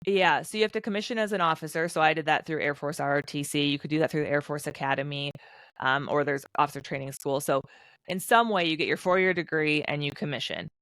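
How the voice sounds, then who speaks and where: Woman in her 30s, lively storyteller on a podcast, dry close mic. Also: deep voice, dry recording. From United States. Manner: animated storyteller, quick bursts, acts out quotes. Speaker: podcast guest, former fighter pilot. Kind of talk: casual interview conversation.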